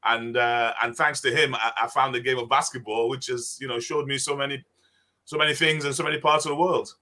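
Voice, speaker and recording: Speaking in a mid-range voice at a slightly quick pace, this older man, once a basketball player, spins conversational stories during an interview. He's animated, performing the dialogue as the tales unfold.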